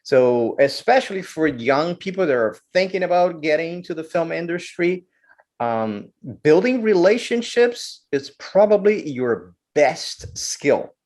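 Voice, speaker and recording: Animated man telling stories. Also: a little high, unhurried. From Brazil. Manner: animated, acts out quotes, repeats words. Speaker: guest filmmaker. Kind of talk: storytelling interview.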